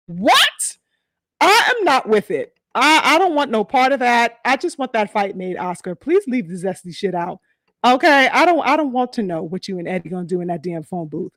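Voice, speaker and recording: Female host, high lively voice, slangy casual boxing talk, dry close sound. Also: normal speed, no echo. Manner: animated, slangy, mimics fighters' quotes, laughs often. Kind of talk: casual chat.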